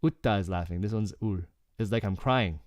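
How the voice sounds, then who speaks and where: Low-voiced man explaining Korean casually. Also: very fast, dry recording, clean studio sound. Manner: relaxed, explanatory, frequent "okay" and "like". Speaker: Korean language teacher. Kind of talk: casual lyrics breakdown lesson.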